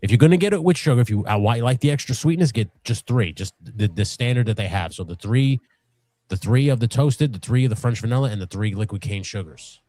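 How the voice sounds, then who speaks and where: A man's voice: fast talker, no echo. A middle-aged man in casual, profane chat as co-host of a live stream, rambling and laughing often. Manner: rambling, animated, laughs often, acts out high voices in stories. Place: home workshop. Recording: dry room with faint music.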